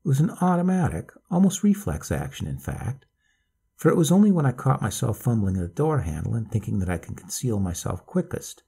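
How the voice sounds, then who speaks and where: A man reading a ghost story aloud, with measured, expressive narration. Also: medium pitch, gravelly, breathy edge. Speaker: audiobook narrator.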